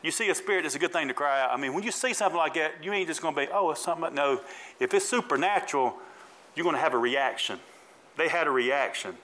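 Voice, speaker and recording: A man's voice: a little high, animated, fast talker, bright, forceful tone, low-quality recording. A man preaching a sermon in colloquial style, asking the congregation to repeat after him and calling out members by name while dramatically retelling a Bible story. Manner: call-and-response preaching, calls congregants by name. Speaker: pastor.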